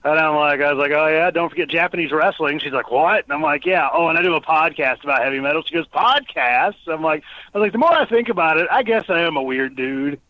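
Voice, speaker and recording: A man co-hosting a podcast, telling stories in a casual, animated way and acting out the quotes. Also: on the high side, quick pace, few pauses, no echo, dull audio. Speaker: podcast co-host.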